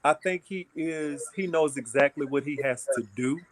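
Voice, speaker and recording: Brief: thirties male guest, slightly high voice, relaxed call interview. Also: normal speed. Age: 30s. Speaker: guest, reality-show cast member. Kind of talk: casual interview over a video call. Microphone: video call.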